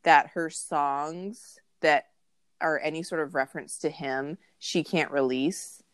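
A woman with a notably low voice co-hosts a casual podcast and trades gossip in a sarcastic, chatty way. The sound is dry and close, with no room around it. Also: steady tone, slow, dry recording. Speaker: podcast co-host. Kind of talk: casual chat.

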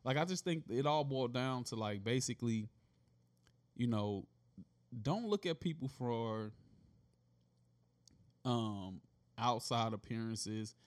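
A slightly tipsy man co-hosting a laid-back conversation. He rambles with plenty of fillers and jokes around, his voice at an ordinary middle pitch. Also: expressive, slow, long pauses. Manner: rambling, joking, a bit tipsy. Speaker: podcast co-host. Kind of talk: casual chat.

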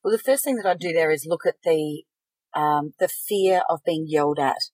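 A middle-aged woman, giving calm, measured coaching advice in a casual podcast chat. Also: sits low, breathy edge, dry recording, low-quality recording. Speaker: podcast co-host, life coach.

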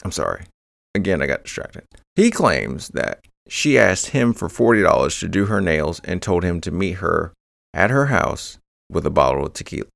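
A man's voice: low-pitched, very animated, normal speed, gravelly, a bit bright, no room sound, clean studio sound. A man hosting a true crime podcast, rambling through the case with joking asides. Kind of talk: casual true crime narration.

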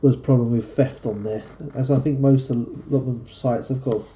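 A man with a London accent hosting a podcast, chatting in a relaxed, rambling way between readings. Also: medium pitch, normal speed. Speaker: podcast host. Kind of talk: casual podcast chat and poem reading. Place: studio.

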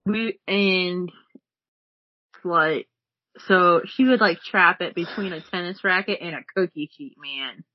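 Woman, casual chat, blunt, profane, husky, dry, slightly dull. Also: lowish voice, slow pace, no echo.

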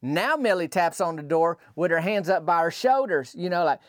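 A man's voice: on the high side, animated, moderate pace, no echo, clean studio sound. A man telling a folksy comic story in a rambling, colloquial way, full of asides. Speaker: podcast storyteller.

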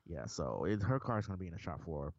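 A man co-hosting a podcast, telling stories in an animated, casual way and swearing freely. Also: deep voice, fast, creaky, dry recording. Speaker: podcast co-host. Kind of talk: casual chat. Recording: dull lo-fi dry recording.

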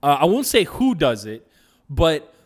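A young man co-hosting a casual comedy podcast, animated and acting out quotes in exaggerated voices. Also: on the high side, measured pace. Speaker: podcast co-host.

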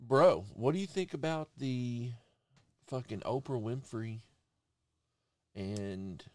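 A man co-hosting a podcast in casual chat, animated and swearing freely. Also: mid-range voice, slow, no echo. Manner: animated, swearing, laughs easily. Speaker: podcast co-host.

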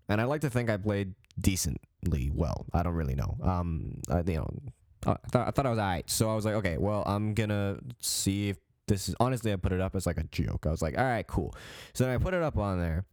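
A young man with a low voice tells a story as a podcast host, rambling and profane, full of restarts and "um"s. The sound is dry and close, with no room around it. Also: darkish tone, dry recording. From Calgary, Canada. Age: late teens. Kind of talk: casual storytelling monologue.

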